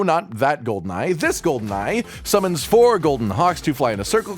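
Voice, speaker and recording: A man narrating a game guide voice-over in a casual, jokey way, with swearing asides. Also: fairly high pitch.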